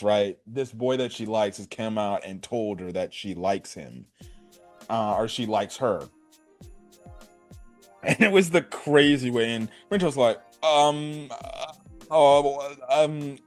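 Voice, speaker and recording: A young man talks through an anime episode in a loose, excited ramble, peppering his talk with "bro" and "right?". His voice sits at an ordinary middle pitch. Faint music plays under him. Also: a little slow. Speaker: anime reviewer. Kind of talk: casual episode review.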